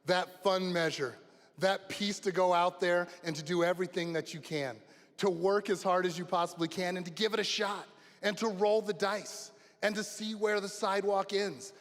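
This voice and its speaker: A man giving a graduation speech as a lively story, shouting the exciting parts. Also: high voice, normal speed. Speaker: graduation speaker. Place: large graduation venue. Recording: long reverb of a large hall.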